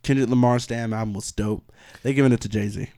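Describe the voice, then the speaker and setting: Man, casual co-host, slangy, relaxed, stumbles and restarts, mid pitch. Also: a little fast. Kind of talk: casual award predictions chat.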